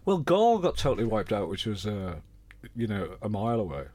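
A man's voice: fairly low pitch, very animated, a little fast, warm tone. A man hosting a casual comedy podcast chat, teasing his guests with dry quips. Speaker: podcast host.

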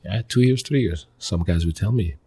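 A man, a guest in an interview, telling his life story in earnest, halting fragments with many restarts. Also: low-pitched, mellow, husky. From Mali. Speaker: interview guest, former pro soccer player. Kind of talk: personal storytelling in a conversational interview.

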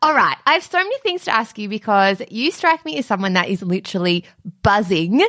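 A woman hosts a casual interview, chatty and quick to laugh. Her pitch swings widely, and her voice sounds dry and close, with no room echo. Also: big pitch swings, fairly bright tone. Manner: chatty, enthusiastic, laughs easily. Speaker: podcast host.

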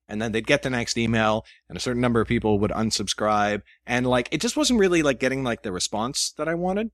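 A man's voice: mid-range voice, lively intonation, fast talker, few pauses, no room sound, studio quality. A man, a guest author, chatting casually about his publishing business and acting out his emails in quoted voices. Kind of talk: casual chat.

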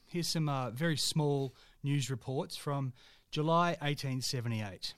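A man's voice: mid-range voice, a little slow, fairly bright tone, no room sound. Man co-hosting a history podcast, dry sound. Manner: jokey, reads archive items with dry humour. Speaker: podcast co-host. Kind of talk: casual history chat, reading old news aloud.

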